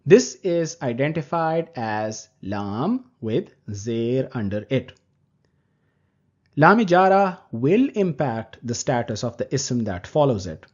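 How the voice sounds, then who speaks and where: Slow, deliberate male Arabic grammar teacher. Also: mid-range voice, big pitch swings, a little mellow. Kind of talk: recorded lecture. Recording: dull lo-fi recording.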